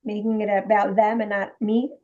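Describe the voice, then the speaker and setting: Class participant, woman, mid-pitched, short plain answers, tinny phone-quality line. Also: level tone, moderate pace, warm tone.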